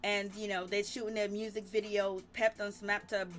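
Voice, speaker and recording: A woman's voice: medium pitch, flat delivery, moderate pace, soft background music. A woman hosting a live-stream recap of reality TV, chatting animatedly and laughing often as she retells the drama. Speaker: reality TV commentary host.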